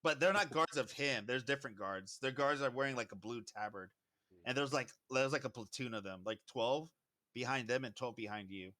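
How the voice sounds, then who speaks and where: Bright-voiced male game master. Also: mid-range voice, fairly quick, no room sound. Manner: rambling, full of "like" and restarts. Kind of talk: narrating a tabletop game.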